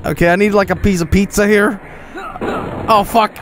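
Young male streamer, high lively voice, faint background hiss; excitable, sweary let's-play commentary. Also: normal speed. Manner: excitable, swearing, laughing, reading game lines aloud.

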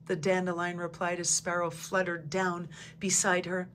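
A woman reading a children's picture book aloud, gentle and clear. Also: lowish voice, level tone, moderate pace, a little hiss or hum. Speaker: storybook reader. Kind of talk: children's story read-aloud.

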